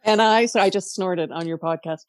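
A woman's voice: on the low side, a little fast, dry recording, studio quality. A middle-aged woman from Canada, a podcast guest, talking casually and emotionally as she tells stories. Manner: emotional, animated storytelling. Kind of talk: casual interview talk.

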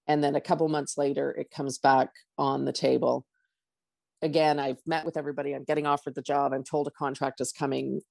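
Middle-aged woman, coach, low and gravelly, candid storyteller, dry close sound. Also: flat delivery, a little fast, a little mellow, no echo. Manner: candid, acts out her own inner dialogue. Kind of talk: personal storytelling monologue.

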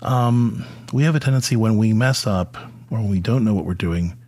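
A man's voice: lowish voice, moderate pace, a little mellow. A middle-aged man hosting a podcast, speaking to fathers about faith in a conversational way with frequent fillers and restarts. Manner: conversational, with many fillers and repeated words. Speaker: podcast host. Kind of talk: faith talk addressed to fathers.

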